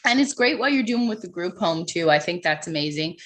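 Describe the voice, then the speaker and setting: A young woman hosts a relaxed interview, sounding upbeat and chatty. Her voice sits a little low for a woman. She laughs easily and fills her talk with "like". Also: a little fast. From Newfoundland, Canada. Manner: upbeat, laughs often, says "like" a lot. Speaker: host. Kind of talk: casual interview chat.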